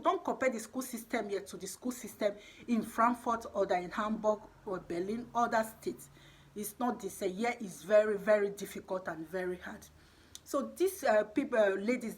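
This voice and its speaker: A Nigerian woman whose first language is Edo delivers an impassioned, emphatic monologue, urging her listeners on and repeating her points. Her voice is husky and sits at a medium pitch.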